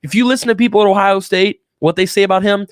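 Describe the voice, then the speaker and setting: A man co-hosting a casual sports talk show, excitable and animated in his storytelling, with plenty of restarts. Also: high voice, fast talker, clear, resonant tone, no echo, studio quality. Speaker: co-host.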